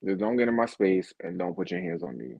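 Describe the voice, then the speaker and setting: A man's voice: low voice, quick pace, gravelly, dry recording. A man hosting a casual interview, teasing and playful, acting out quotes as he asks questions. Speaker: interviewer, host. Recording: dull, dry lo-fi recording.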